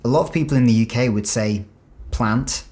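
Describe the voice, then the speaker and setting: A man's voice: mid-range voice, moderate pace, a little mellow. Chatty English man reacting to clips. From England. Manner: chatty and reflective, musing aloud. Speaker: YouTube reaction host. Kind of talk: casual reaction commentary.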